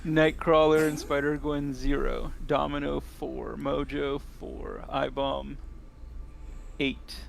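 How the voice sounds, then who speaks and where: A man guesting on a game stream, teasing the host with dry, slow-paced predictions. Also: fairly high pitch, little pitch movement, creaky. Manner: dry, teasing, deliberate listing. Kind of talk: casual gaming chat.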